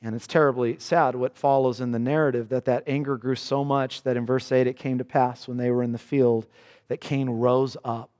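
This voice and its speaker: A man preaching a sermon in earnest. His pitch rises for questions and drops low and slow for solemn passages. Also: little pitch movement, darkish tone. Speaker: pastor. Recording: long reverb of a church hall.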